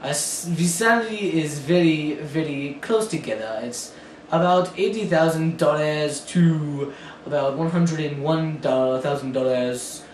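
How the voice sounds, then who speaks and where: A man's voice: on the high side, measured pace, a little mellow, roomy sound, a little hiss or hum, natural voice. A young man playing an astrophysicist in an amateur skit, speaking matter-of-factly with some hesitations. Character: male astrophysicist who claims to be German.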